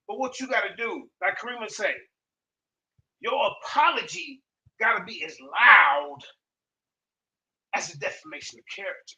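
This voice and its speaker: A man moderating an online debate on a video call, excitable and slangy. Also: high voice, moderate pace, long pauses, poor audio. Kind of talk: excited casual hosting.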